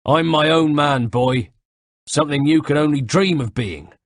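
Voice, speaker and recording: A male audiobook reader voicing a gruff, sneering middle-aged soldier-fixer with a West Country accent. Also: a little high, moderate pace, dry recording, studio quality, voice pushed up, natural voice. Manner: sneering, taunting. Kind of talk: audiobook character voice.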